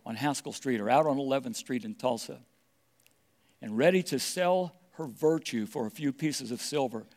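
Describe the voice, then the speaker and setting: A man's voice: mid-range voice, darkish tone. A middle-aged man preaching a sermon, stressing his points and repeating key phrases. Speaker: pastor.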